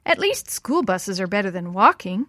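A woman voicing a chatty, excitable thirteen-year-old girl in a storybook reading. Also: mid-range voice, normal speed, dry recording, studio quality.

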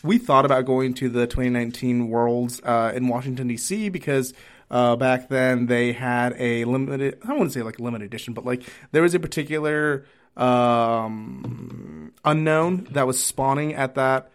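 A man co-hosting a podcast in casual chat, easygoing and loose, filling pauses with uh and like. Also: medium pitch, clean tone. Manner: easygoing, with many fillers like uh and like. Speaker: podcast co-host.

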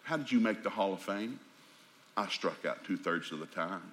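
A middle-aged man preaching a sermon in a folksy, animated, joking storytelling manner. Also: sits low, normal speed.

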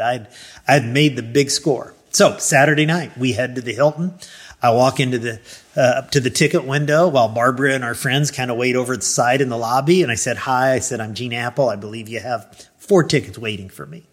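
A middle-aged man, a pastor, telling a personal story in an animated way, acting out his own thoughts and replies. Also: medium pitch.

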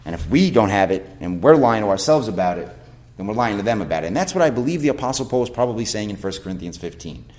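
Lower-voiced male pastor preaching emphatically. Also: big pitch swings, fast, a little mellow. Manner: emphatic preaching with rhetorical questions and scripture quotes. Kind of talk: sermon.

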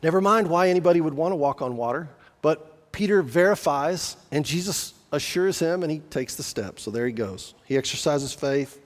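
A man's voice: fairly high pitch, animated, moderate pace, few pauses, big-room sound. A man preaching a sermon in an earnest, conversational way, often asking the listeners questions. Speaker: pastor.

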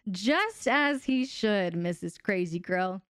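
A woman's voice: medium pitch, expressive, takes it slowly, a bit bright, clean tone, dry recording, studio quality. A woman hosting a live stream who wraps up casually, teasing viewers and answering chat with plenty of laughter. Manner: playful and teasing, laughs often. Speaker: host and relationship coach.

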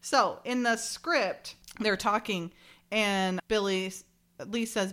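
A woman talks through a TV script in a casual podcast chat. She reads each quoted line and then adds her own quick jokes. Her pitch sits in the middle for a woman. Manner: animated, reads quotes then jokes and laughs between them. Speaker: podcast host.

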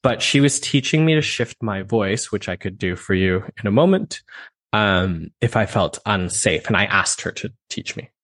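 Low-voiced man, expressive voice teacher. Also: normal speed. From Canada. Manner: thoughtful, expressive, many fillers. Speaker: voice teacher, podcast guest. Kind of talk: conversational interview.

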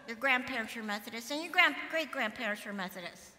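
A woman's voice: a little high, animated, fast talker, sharp tone, in a large hall. A firm, no-nonsense mother, as a woman quotes her. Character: older mother, firm and matter-of-fact.

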